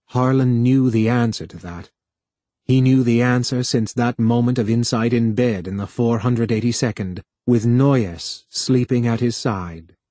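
A man narrating an audiobook with measured, even storytelling. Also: medium pitch, dry recording.

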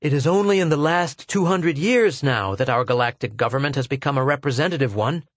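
A man's voice: mid-range voice, fairly quick, no room sound, close to an everyday voice. An earnest male scholar of a star empire, as a narrator acts him out, argues with emphatic, rising force. His plea is persuasive and impassioned. The sound is dry and close.

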